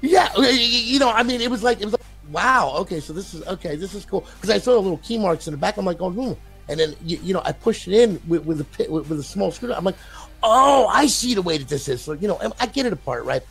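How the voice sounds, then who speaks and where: A man's voice: sits high, animated, fast talker, vocal fry, a bit bright, breathy edge, soft background music. An older man, a console modder, telling a long story in a casual, rambling way, often repeating his words and swearing.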